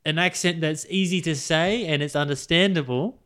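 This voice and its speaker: Smooth-voiced Australian man chatting. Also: fairly high pitch, a bit bright. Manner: halting, restarts, chuckles often. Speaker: podcast co-host. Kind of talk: casual chat.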